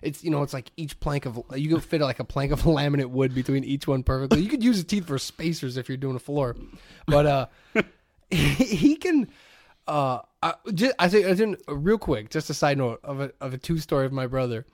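A man's voice: on the high side, animated, brisk, a little mellow, no echo, clean studio sound. A man, telling a story animatedly in a casual podcast chat, laughing and swearing freely. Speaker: podcast co-host.

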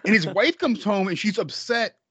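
A man co-hosting a casual podcast, his voice a touch high and lively, leaping up and down as he acts out movie scenes. He swears freely and laughs through his retellings. The recording is dry and close. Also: moderate pace, slightly rough, no echo, muffled recording. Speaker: podcast co-host. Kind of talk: casual film-review chat.

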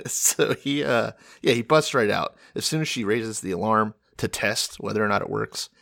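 A man's voice: on the low side, normal speed, gravelly, a bit bright, no echo, studio quality. A man co-hosting a casual podcast, retelling a Bible story in a sarcastic way, laughing often and swearing. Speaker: podcast co-host.

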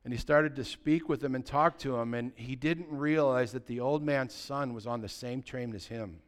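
A man, a pastor preaching a sermon and telling stories, swinging from loud passages to hushed ones. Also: mid-range voice, normal speed. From United States.

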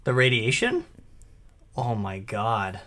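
A woman with a strikingly deep, low voice co-hosts a casual podcast. Her comments are short, dry and sarcastic. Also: big pitch swings, slow, fairly bright tone. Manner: wry, sarcastic interjections. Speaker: podcast co-host. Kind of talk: casual chat.

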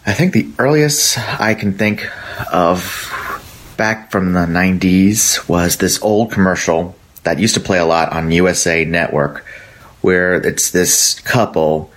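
Man, lower voice, fan leaving a rambling recorded message, chuckles as he tells it. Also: measured pace, fairly bright tone. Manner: rambling storytelling, laughs at his own tale. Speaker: listener sending in a memory.

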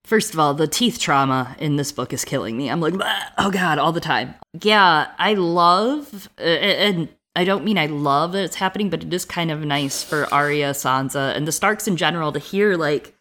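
Low-pitched female co-host, casual, talkative, prone to laughter and swearing. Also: normal speed, few pauses, fairly bright tone. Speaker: podcast co-host. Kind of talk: casual book discussion.

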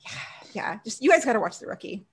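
A podcast co-host talks fast in a slightly high voice with a breathy edge. Recapping a TV episode casually, she's animated, acts out what the characters say, laughs, and swears freely.

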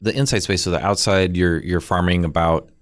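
A man's voice: deep voice, steady tone, brisk, dry recording. A man hosting a radio show, interviewing a guest in the studio and tasting food on air with chatty enthusiasm. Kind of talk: casual interview. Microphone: studio microphone.

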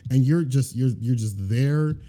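Dark-voiced man rambling earnestly. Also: medium pitch, a little slow. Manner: rambling, filler-heavy, earnest. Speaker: guest fighting game commentator. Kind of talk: casual podcast chat.

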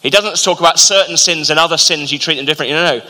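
A man preaching a sermon as pastor, earnest and measured, with slow emphatic pauses. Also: fairly high pitch, bright, forceful tone. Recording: long hall reverb.

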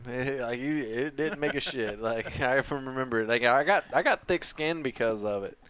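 A man's voice: medium pitch, normal speed, a bit bright, clean tone. A man co-hosting a podcast in casual chat, joking and crude as he tells stories. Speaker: podcast co-host.

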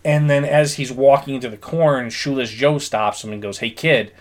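A man's voice: mid-range voice, normal speed. A man co-hosting a podcast in casual chat, earnestly retelling film scenes. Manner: earnest storytelling, acts out quotes. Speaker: podcast co-host.

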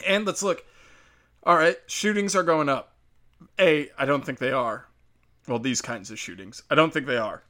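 A man's voice: on the high side, normal speed, pauses often, pushed and bright. A man from the United States hosting a casual solo rant, sarcastic and full of profanity.

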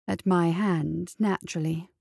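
Brief: narrator doing a self-assured female killer, silky and slow. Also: lowish voice, steady tone, gravelly, darkish tone, no echo, studio quality, full character voice. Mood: sly. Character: seductive, confident female assassin.

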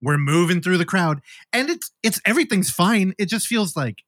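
A man hosting a casual movie podcast, retelling a film plot with profanity and quick acted-out lines. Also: high-pitched, no echo, clean studio sound. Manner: animated, profane, acts out movie scenes. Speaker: podcast host. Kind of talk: casual movie review chat.

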